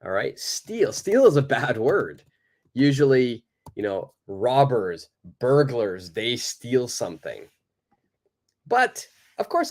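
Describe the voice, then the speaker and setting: A male English teacher leads a live online lesson over a video call. His voice rises and falls widely as he explains, and he speaks slowly and clearly. He patiently repeats each example sentence. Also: medium pitch, darkish tone.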